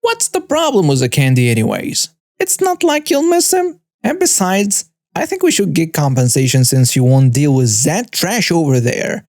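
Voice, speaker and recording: A man voicing an entitled mother who yells accusations in a shrill, screeching voice. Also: sing-song, moderate pace, hardly any pauses, no echo, clean studio sound. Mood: indignant. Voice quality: shrill and shrieking. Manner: accusing, yelling. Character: screeching entitled mother, adult woman, hostile.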